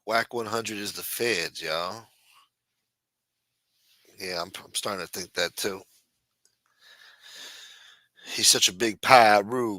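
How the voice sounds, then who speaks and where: A man's voice: low voice, bright, forceful tone, no room sound. A man hosting a casual live stream, rambling and swearing, reading chat aloud and acting out quotes in a raised voice.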